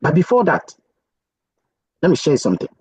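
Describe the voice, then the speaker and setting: A man walking viewers through software on his screen, chatty and thinking aloud with frequent "okay"s. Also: a little high, huge pitch swings, a little fast, slightly rough, rough recording. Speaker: software tutorial presenter. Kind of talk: casual screen-share tutorial.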